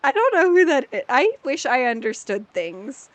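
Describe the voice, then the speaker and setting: High-voiced chatty woman streamer. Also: sing-song, moderate pace, no echo. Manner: chatty, dramatic, playfully exasperated. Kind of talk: casual gameplay chat with viewers.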